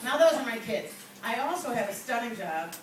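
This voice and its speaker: A middle-aged woman doing a stand-up comedy set with chatty storytelling and deadpan asides. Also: a little high, brisk, very noisy. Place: comedy venue with live audience. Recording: echoey distant amateur room recording.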